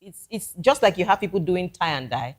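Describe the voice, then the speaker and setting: A woman's voice: fairly low pitch, expressive, a little fast. A Nigerian woman musician, a talk-show guest giving earnest advice in casual chat. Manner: earnest, advising, with restarts.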